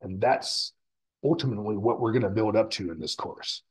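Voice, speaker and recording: A man's voice: fairly low pitch, moderate pace, breathy edge, low-quality recording. A man lecturing on the physics of sound, explaining step by step and restating terms as he goes. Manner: explanatory, repeats and rephrases terms. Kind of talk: recorded classroom lecture.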